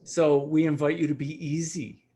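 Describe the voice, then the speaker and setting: A man with a voice pitched a little above the usual, talking as a Reiki teacher and host. His delivery is gentle and reflective. He speaks in a relaxed, conversational way to his listeners. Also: moderate pace, husky. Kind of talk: spiritual talk on a livestream.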